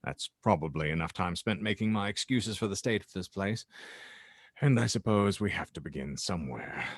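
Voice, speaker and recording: A male podcast host chats and jokes in a relaxed, self-correcting way. His voice sits fairly low. The recording is dry and close. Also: normal speed, dry recording. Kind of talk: casual podcast banter.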